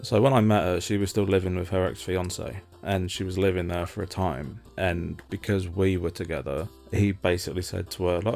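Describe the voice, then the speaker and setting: British guy, low gravelly voice, telling a story with lots of swearing and voices. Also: moderate pace, few pauses, soft background music. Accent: British English. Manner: sweary, animated storyteller who acts out quotes. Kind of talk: casual storytelling chat.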